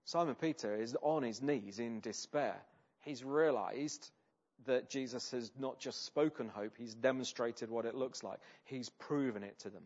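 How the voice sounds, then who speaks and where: A man preaching a sermon in an earnest, conversational way, often turning statements into gentle questions to his listeners. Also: mid-range voice, a little slow, highs cut off. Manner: earnest, conversational, asks rhetorical tag questions.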